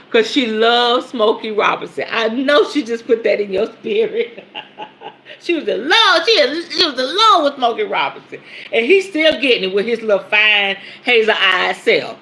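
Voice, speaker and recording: A woman hosting a spiritual talk show, speaking in a casual, emphatic teaching style with frequent swearing and laughter. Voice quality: lively, animated pitch swings. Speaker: podcast host and spiritual teacher. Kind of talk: casual spoken teaching monologue.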